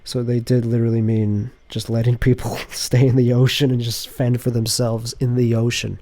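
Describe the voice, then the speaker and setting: A man's voice: medium pitch, level tone, moderate pace, mellow. A man who is sick and sniffly, hosting a casual podcast monologue from his apartment and reading a script aloud in a rambling, sardonic way that keeps interrupting itself. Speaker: podcast host. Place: home apartment.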